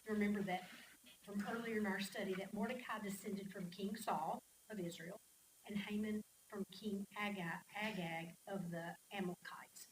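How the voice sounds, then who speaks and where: A woman's voice: medium pitch, steady tone, moderate pace. A woman teaching a casual Bible study class in a church, chatting with the class and reading scripture aloud. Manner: conversational, asks the class questions, reads scripture aloud. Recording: echoey room, mic at a distance, faint hiss.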